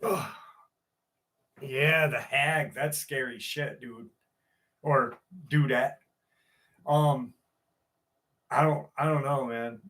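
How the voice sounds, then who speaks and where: A man's voice: medium pitch, fairly even intonation, drawn-out words, pauses often, a bit bright. A man hosting a live stream, chatting casually and reading viewer comments in a loose, jokey way with plenty of swearing.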